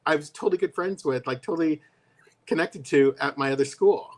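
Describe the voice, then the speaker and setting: A man's voice: fairly high pitch, brisk. Co-host, male, conversational storyteller who jumps into voiced quotes. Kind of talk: casual chat. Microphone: live stream.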